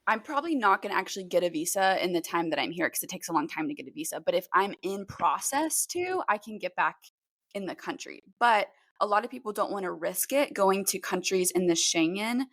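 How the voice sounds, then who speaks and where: A woman's voice: fairly low pitch, animated, fast, fairly bright tone, no room sound. A woman in her twenties, co-hosting a podcast with her mother and chatting casually with many "like"s and "um"s. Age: 20s. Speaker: podcast co-host. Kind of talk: casual chat.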